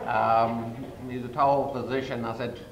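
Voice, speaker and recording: An older man giving a humorous, storytelling speech as a guest speaker at a conference, with sudden loud jumps in his delivery. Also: flat delivery, measured pace, lo-fi sound, a crowd in the background. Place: conference hall. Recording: echoey hall with faint rumble.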